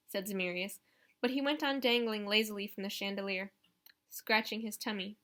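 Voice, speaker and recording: A woman narrating a novel in the first person with steady, even reading. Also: medium pitch, normal speed. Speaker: audiobook reader.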